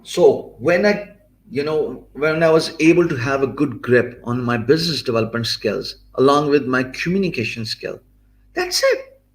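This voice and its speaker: A man's voice: mid-range voice, normal speed, reverberant. A man from Pakistan with a Pakistani English accent, giving an earnest motivational talk about freelancing, with many fillers and restarts.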